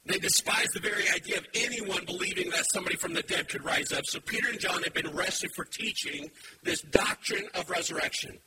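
A male pastor preaches in a high voice that leaps up and down with lively emphasis, throwing in playful wordplay for his congregation. A noticeable hiss of background noise runs under the recording. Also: a little fast, creaky, recorded from a distance. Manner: animated and emphatic, with playful puns. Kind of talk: sermon. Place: church with a live congregation.

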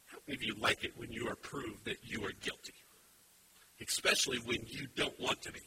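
A man preaching a sermon as pastor, emphatic, swinging from quiet asides to loud shouted points. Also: on the high side, normal speed. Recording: steady background hiss.

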